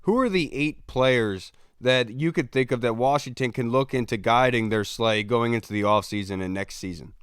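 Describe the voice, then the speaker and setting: A man hosting a sports podcast, setting up long, relaxed questions for his guest. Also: mid-range voice, normal speed, few pauses, smooth, dry recording, clean studio sound. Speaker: podcast host.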